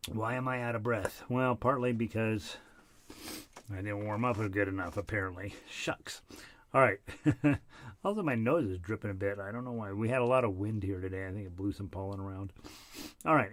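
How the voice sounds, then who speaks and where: A man's voice: fairly low pitch, no room sound. A middle-aged man leading a casual harmonica group lesson, chatty and self-deprecating, short of breath. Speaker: harmonica ensemble leader.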